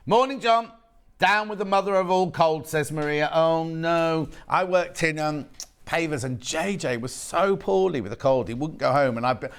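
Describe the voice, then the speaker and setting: A man presenting on a live shopping channel, chatting, gushing over fabrics and joking with the crew behind the camera. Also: fairly high pitch. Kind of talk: live TV sales chat. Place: TV studio.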